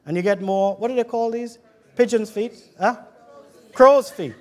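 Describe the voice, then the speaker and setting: A male preacher with a British accent delivers a lively church sermon. His voice sits very high, and his delivery is fervent. He calls out to the congregation and jokes with them. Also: moderate pace. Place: church hall.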